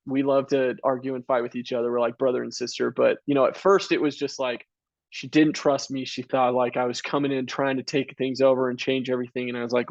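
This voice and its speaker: A man's voice: medium pitch, level tone, a little fast, vocal fry, no echo, lo-fi sound. A man around thirty, a college track coach, answering interview questions casually and earnestly, with many "you know" and "like" fillers. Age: about 30.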